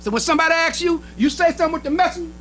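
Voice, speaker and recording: A minister preaching a sermon in an emphatic style, with short repeated phrases and speech. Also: male voice, very high voice, very fast, bright, forceful tone, slight background noise, rough recording. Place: temple hall.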